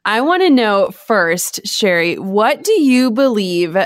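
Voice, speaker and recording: A woman's voice: mid-range voice, sing-song, slow, no echo, clean studio sound. A woman hosting a podcast interview who asks questions and encourages her guest. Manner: encouraging, affirming listener. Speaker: podcast host.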